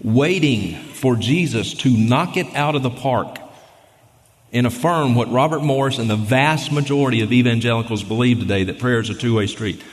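A man's voice: mid-range voice, normal speed. Emphatic male preacher in a big hall. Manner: emphatic, argumentative, reads scripture aloud. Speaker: guest preacher. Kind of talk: sermon. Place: church sanctuary. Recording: long reverb of a large hall.

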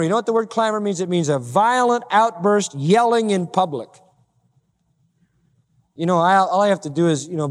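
A man preaching an expository sermon, emphatic, swinging between loud high bursts and low quiet asides. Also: long reverb tail.

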